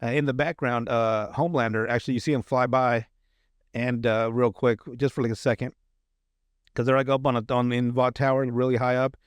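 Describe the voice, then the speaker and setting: A man hosting a podcast casually runs through a TV episode recap, his medium-pitched voice steady, clear, and resonant at a fairly quick pace. He rambles with many fillers and restarts and laughs often, in a dry recording.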